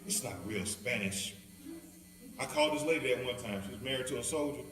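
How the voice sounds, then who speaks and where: Heard from a distance in an echoey church hall, a man with a mid-range voice and a Southern accent teaches a Bible study at a brisk clip. He's animated, laughing and joking as he plays out the people in his stories.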